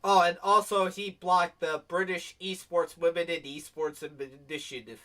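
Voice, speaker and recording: Man podcast co-host, high voice, bright and sharp, swears and laughs a lot. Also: fairly even intonation, measured pace. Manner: swears freely, laughs often, reads tweets aloud. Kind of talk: casual podcast chat. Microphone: home microphone, streamed show.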